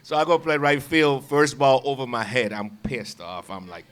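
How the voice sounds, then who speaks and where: A man's voice: mid-range voice, moderate pace. A man, a former ballplayer, casually telling stories with frequent laughs and repeated words. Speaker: guest, former baseball player. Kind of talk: casual storytelling.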